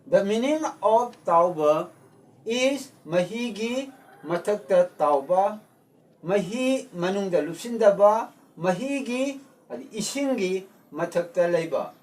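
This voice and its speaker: Slow, distant male teacher. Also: sits high, lively intonation, darkish tone. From Manipur, India. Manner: repeats words slowly, switching between two languages. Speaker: language teacher. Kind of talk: slow explanatory language lesson.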